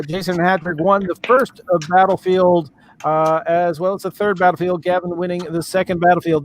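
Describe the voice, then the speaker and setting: A man moderating a live comedy debate stream, pausing often with filler sounds. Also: a little high. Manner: hesitant, many filler sounds.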